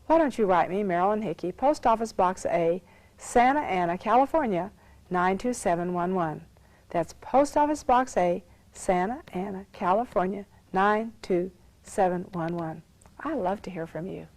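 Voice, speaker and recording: A woman Bible teacher preaching a teaching sermon at a middle pitch. She reads scripture aloud with rising emphasis and repeats key phrases to drive her point home. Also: lively intonation, moderate pace, a little mellow, dry recording, poor audio.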